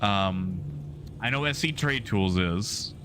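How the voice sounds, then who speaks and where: A man's voice: lowish voice, lively intonation, slow, fairly bright tone. A male game streamer chatting casually with his live viewers in a rambling, easygoing way with many fillers.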